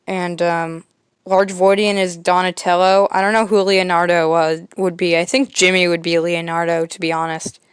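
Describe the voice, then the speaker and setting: A woman's voice: fairly low pitch, little pitch movement, normal speed, clean tone, no echo, studio quality. A woman podcast host casually retelling a homemade comic, rambling with lots of fillers. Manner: rambling, filler-heavy, quietly amused.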